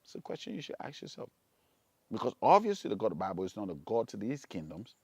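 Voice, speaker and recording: A man preaching, reading scripture low and slowly, then rising to loud, emphatic rhetorical questions. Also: wildly swooping pitch, breathy edge, no room sound. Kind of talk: preaching sermon.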